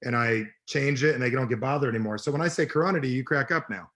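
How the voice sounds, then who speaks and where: Middle-aged guy coaching fast, blunt and emphatic, swears a lot. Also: medium pitch, a bit bright, slight background noise. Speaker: personal development coach. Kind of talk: energetic interview talk.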